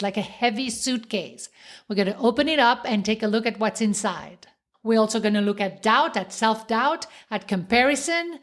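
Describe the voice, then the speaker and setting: A woman with a Swiss French accent hosts a motivational podcast in a slightly high voice. Her delivery is playful and warmly encouraging. She often stretches out key words for dramatic emphasis. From French-speaking Switzerland. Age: middle-aged. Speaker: podcast host.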